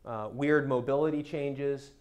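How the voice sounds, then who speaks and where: A man's voice: mid-range voice, unhurried, darkish tone, clean tone. A spine surgeon, a man, giving an educational talk for patients, explaining step by step and often checking in with "okay?".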